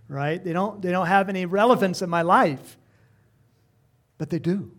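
A man's voice: high-pitched, normal speed. A middle-aged man preaching a sermon in a conversational, rambling way, breaking into emphatic bursts. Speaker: pastor.

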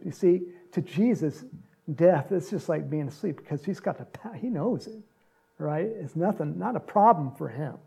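A man preaching a sermon, retelling a gospel story with animated storytelling and acted-out lines. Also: fairly high pitch, normal speed, gravelly, slightly rough. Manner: animated storytelling, acts out quotes, laughs often.

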